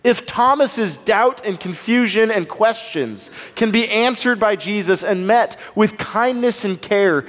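A man preaching a sermon as pastor, earnest and conversational, often asking his listeners rhetorical questions. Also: sits high. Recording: long reverb of a large hall.

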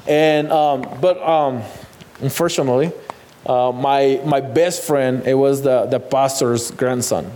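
A man's voice: medium pitch, fairly even intonation, mellow. Man telling his testimony. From Mexico. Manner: halting, repeats words, non-native phrasing. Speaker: guest sharing testimony. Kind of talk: personal testimony.

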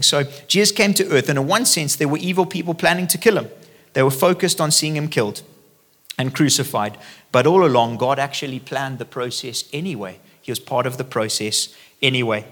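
A man's voice: medium pitch, fairly bright tone. A middle-aged male pastor preaching a sermon in a conversational way, reading scripture aloud and adding casual asides.

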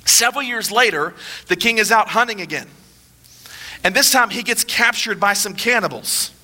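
Bright-voiced, high-pitched male preacher. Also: expressive, moderate pace. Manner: emphatic, repetitive preaching, dropping low for solemn points. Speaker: pastor. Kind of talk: sermon.

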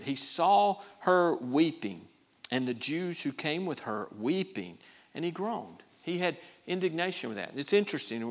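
A man preaching in a relaxed, folksy drawl, talking to his congregation as if in casual conversation. His voice sits at a middle pitch, and he often stumbles over his words and restarts them as he works through a point. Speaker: pastor. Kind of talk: sermon.

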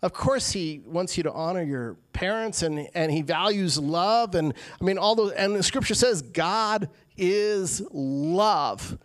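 A male pastor giving a sermon in a conversational way, with quick asides and acted-out quotes. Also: sits high, expressive, no room sound.

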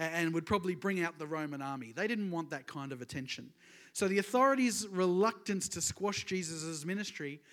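Preacher guy with a high voice, earnest n emphatic, cracks little jokes as he teaches. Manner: earnest and emphatic, with joking asides. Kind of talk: sermon with Bible teaching.

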